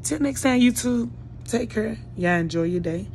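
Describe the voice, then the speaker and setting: A woman's voice: fairly high pitch, lively intonation, normal speed, darkish tone, slight background noise. A woman vlogger delivering a blunt, profane, scolding rant straight to her viewers, sounding like she just woke up. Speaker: YouTube vlogger. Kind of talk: ranting commentary vlog.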